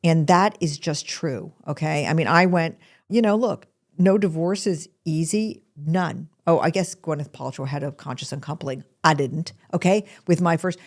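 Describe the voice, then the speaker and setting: A middle-aged woman hosts a podcast in a casual, conversational way. Her voice sits a little low, and she talks in an animated rush, often dropping one thought to start the next. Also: moderate pace. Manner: animated and chatty, breaks off mid-sentence. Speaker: podcast host. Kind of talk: casual chat.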